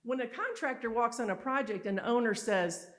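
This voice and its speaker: Animated woman giving a conference talk. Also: on the high side, brisk. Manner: animated storytelling, emphatic and candid. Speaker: summit speaker. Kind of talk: motivational conference speech. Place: live conference event.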